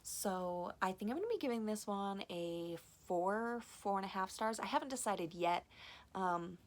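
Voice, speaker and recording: Woman ranting and gushing about books on her vlog, cusses a lot, says like constantly, medium pitch. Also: unhurried. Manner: excitable and gushing, frequent "like" fillers, swears freely. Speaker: book vlogger. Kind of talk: casual vlog chat.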